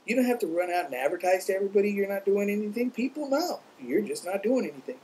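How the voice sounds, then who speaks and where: A man's voice: fairly high pitch, dark tone, poor audio. A man talking casually to camera from his home about marketing, telling a story with plenty of fillers and asides. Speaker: vlogger on internet marketing.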